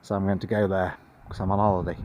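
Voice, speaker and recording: A tired man on a long cycling trip, talking outdoors in a dry, self-deprecating monotone as a casual travel vlog. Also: sits low, quick pace, dull audio, very noisy. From Britain. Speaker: vlogger.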